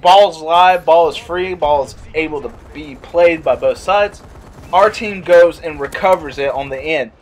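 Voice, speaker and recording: Young guy vlogging, tells a story, jumps up high when quoting people. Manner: animated, acts out quotes in a higher voice. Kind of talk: casual storytelling.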